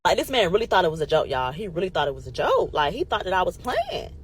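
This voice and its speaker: A woman with a fairly low, husky voice talks fast in a casual storytime monologue, animated and emphatic. She swears freely and calls her listeners y'all, and the recording is rough.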